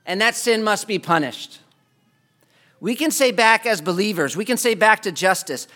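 A man preaching a sermon, impassioned, building to loud pleading climaxes. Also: high voice, expressive, normal speed.

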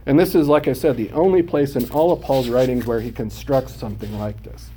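Mellow-voiced male Bible teacher. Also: medium pitch, brisk, slight background noise. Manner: explanatory, checks understanding with questions. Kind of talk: classroom Bible lesson.

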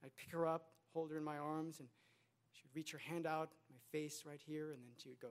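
A man's voice: on the high side, flat delivery, a little fast. A man in his thirties preaching a sermon, earnest, with rhetorical questions and repetition. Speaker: pastor.

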